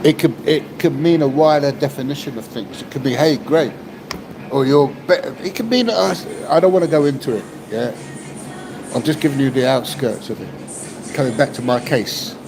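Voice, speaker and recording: A man's voice: medium pitch, animated, a little fast, music in the background. A man in his fifties from East Central London with a Cockney accent, ranting in a casual podcast monologue and often asking "yeah?" at the end of a point. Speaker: podcast host. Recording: noisy, with vehicle sounds behind.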